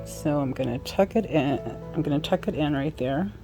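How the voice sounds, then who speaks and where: Woman, low register, casual hands-on sewing tutor with chatty asides; light music underneath. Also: normal speed. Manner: chatty, apologetic asides, talks while working. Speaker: sewing instructor. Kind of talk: casual how-to demonstration.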